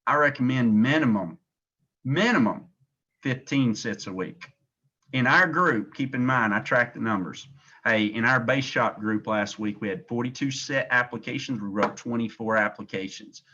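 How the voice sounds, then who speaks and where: A man's voice: mid-range voice, measured pace, sharp tone. Emphatic Southern man coaching sales agents. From Tennessee, US. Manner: motivational, emphatic and repetitive. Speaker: agency director. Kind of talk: sales training call. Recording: dull lo-fi call audio.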